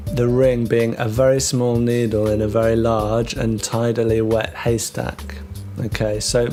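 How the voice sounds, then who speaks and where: A man teaching English vocabulary, talking through words with many ums and restarts and slowing down on the key terms. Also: mid-range voice, flat delivery, mellow, faint music behind. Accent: British English. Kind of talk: explaining vocabulary to learners.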